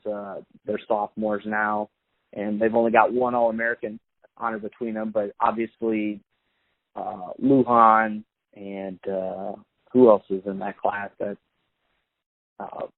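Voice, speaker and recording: A man's voice: fairly low pitch, level tone, unhurried, no echo. Podcast host man on a tinny line. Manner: hesitant, many fillers and restarts. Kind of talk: casual podcast talk. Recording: phone-like, dry sound.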